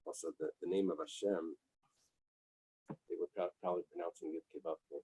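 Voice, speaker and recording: A man's voice: low voice, fairly even intonation, brisk, dark tone, breathy edge, dry recording, rough recording. A man teaching an early-morning Talmud class, reading Hebrew and Aramaic text and translating it plainly, checking in with "right?" and "okay". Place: small synagogue study room.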